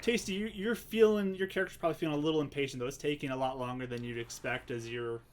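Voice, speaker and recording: A man's voice: mid-range voice, fast talker. Hesitant male game master. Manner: hesitant, filler-heavy narration. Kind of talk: narrating a tabletop game. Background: music.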